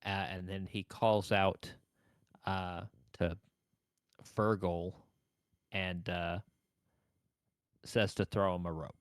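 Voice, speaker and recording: A young man serves as game master, speaking slowly and haltingly, full of fillers and restarts. His voice sits a little low, and the sound is dry and close, with no room around it. He narrates the scene in an easy, unhurried way. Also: little pitch movement, clear, resonant tone, dry recording. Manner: slow, hesitant, filler-heavy.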